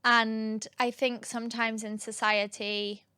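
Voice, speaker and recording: A woman who is a podcast guest, telling her story in a giggly, expressive way. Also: fairly high pitch, slow, clean tone, dry recording, studio quality. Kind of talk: casual conversation.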